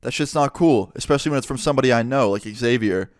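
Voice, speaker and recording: A blunt, no-nonsense young woman throwing a party, as a male narrator puts her on, her voice raised only a little above his own. The tone is smooth and clear, recorded close and dry. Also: medium pitch, quick pace, no echo, natural voice.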